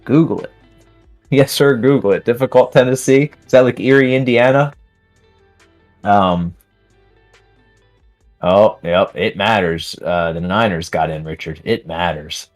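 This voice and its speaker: A man's voice: fairly low pitch, measured pace, pauses often, darkish tone, faint music behind. A man hosting a live trading stream, chatting casually while reading viewer comments aloud and laughing often. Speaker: livestream host.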